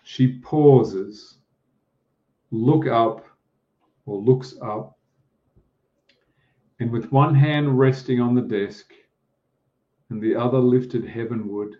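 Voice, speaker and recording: A man preaching a sermon and leading a prayer, speaking slowly with pauses and fillers. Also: mid-range voice. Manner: slow, halting delivery with pauses and fillers. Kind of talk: slow, deliberate sermon with prayer. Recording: dull, muffled lo-fi sound.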